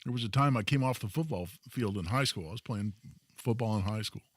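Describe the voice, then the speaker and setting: A man hosting a talk radio show, telling a story in an emphatic, animated way. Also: lowish voice, fast, dry recording, studio quality. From Indiana, US. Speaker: radio host.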